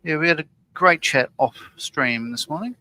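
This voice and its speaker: A man's voice: a little high, normal speed, bright, forceful tone, no room sound. A man with an Australian accent chatting on a livestream, hesitant and prone to trailing off mid-sentence. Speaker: co-host of a live model-building stream. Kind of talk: casual live-stream chat.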